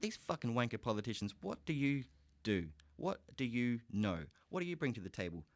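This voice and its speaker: A man's voice: mid-range voice, sing-song, fairly quick, no echo. Profane Australian man ranting, dry sound. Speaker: podcast host. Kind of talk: ranting solo podcast.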